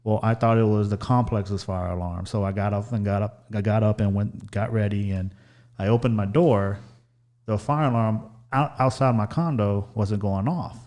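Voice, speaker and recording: A man's voice: lowish voice, fairly even intonation, moderate pace, darkish tone. A man hosting a podcast, chatting casually and telling a story with many restarts. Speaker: podcast host. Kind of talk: casual chat.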